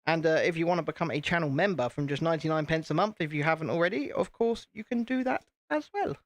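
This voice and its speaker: A man's voice: fairly high pitch, expressive, fast talker, dry recording. A British man hosting a casual live stream, chatting to viewers while he builds and poking fun at himself. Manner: chatty, self-deprecating, talks to viewers.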